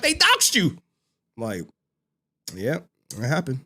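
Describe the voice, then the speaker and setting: A man hosting a livestream, reading super chats in excitable, slangy commentary that breaks into shouts and laughter. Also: a little high, slow pace. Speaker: livestream host.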